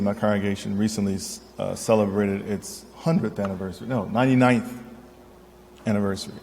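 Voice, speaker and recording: A man speaks earnestly to a gathered audience, often tagging his points with "right?". His voice sits low and mellow. The sound carries the long reverb of a large hall. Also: slight background noise. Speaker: historian speaker. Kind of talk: public lecture. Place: event hall.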